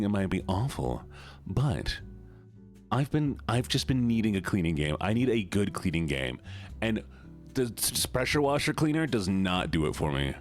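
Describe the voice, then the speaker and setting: Man, streamer, playful, chatty, lively pitch, faint music behind. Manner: bubbly, playful, chatty with chat. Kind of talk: casual live stream chat.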